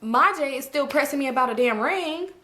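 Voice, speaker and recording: A woman telling a casual storytime, animated and laughing, swearing freely. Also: sits high, a little fast, noisy background. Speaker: storytime vlogger.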